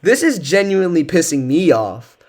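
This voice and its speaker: A man's voice: a little high, big pitch swings, moderate pace. A man giving casual reaction commentary on text messages he is reading, exasperated and slangy, swearing often. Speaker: content creator.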